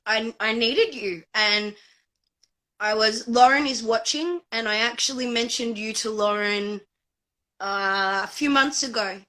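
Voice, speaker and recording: A woman guest on a live video chat, speaking emotionally and haltingly about a hard time. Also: on the high side, pushed and bright. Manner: emotional, halting, searching for words. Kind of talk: casual live-stream chat.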